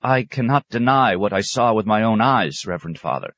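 A man's voice: lowish voice, lively intonation, brisk, fairly bright tone, no echo, muffled recording, voice pushed up. A man voicing a timid seventeen-year-old novice monk who stammers and gasps his replies. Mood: anxious. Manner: stammering, breathless.

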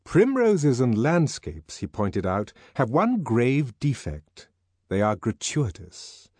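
A man reading an audiobook as narrator, in measured, expressive scripted storytelling. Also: on the low side, breathy edge, no echo.

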